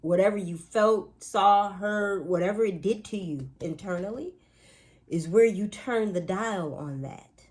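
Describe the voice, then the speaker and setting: A woman's voice: medium pitch, measured pace, a little mellow. A woman talking casually to viewers in a spiritual pep talk, chatty and emphatic, with playful asides and speech. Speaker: astrology and spiritual reader.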